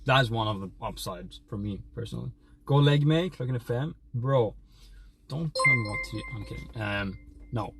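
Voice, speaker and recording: A man's voice: medium pitch, normal speed, gravelly, loud music behind the voice. A young man from Sweden, chatting playfully as a streamer and reading donations in a rambling way. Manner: rambling, playful, stumbling restarts. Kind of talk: casual livestream chat, reading donations.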